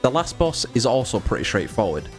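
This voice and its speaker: A man's voice: medium pitch, very animated, fairly quick, soft background music. Wry man narrating gameplay voice-over. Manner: wry, sarcastic storytelling. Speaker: gaming video creator.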